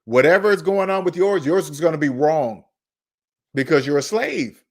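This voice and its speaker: A man's voice: on the high side, lively intonation, moderate pace. A man hosting a personal finance channel, talking in an emphatic, preachy way, repeating his points and scolding viewers. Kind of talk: emphatic monologue.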